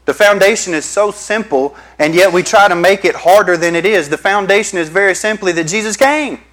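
A man's voice: high voice, fairly quick, a bit bright, poor audio. A male pastor, preaching a sermon and telling stories to the congregation. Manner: storytelling, addresses the congregation as y'all.

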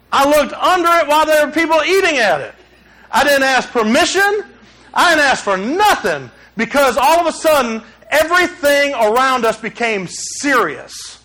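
A man, preaching a sermon and telling personal stories in an animated way, acting out shouts and dialogue. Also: very high-pitched. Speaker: pastor.

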